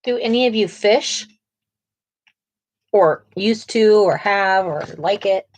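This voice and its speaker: A woman's voice: medium pitch, slow pace, darkish tone, dry recording. Chatty woman co-hosting a coloring stream. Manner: chatty, asks viewers questions, laughs often. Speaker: co-host of a live coloring stream. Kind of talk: casual chat while coloring.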